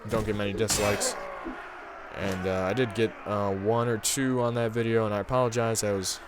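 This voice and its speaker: A young man with a slightly low voice tells a long, meandering story while he plays a game. His delivery is loose and casual, padded with "um" and "like." He sounds like a regular channel host chatting to viewers. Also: little pitch movement, moderate pace, very noisy. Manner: casual and meandering, heavy on fillers like "um" and "like". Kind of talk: rambling storytelling over gameplay commentary.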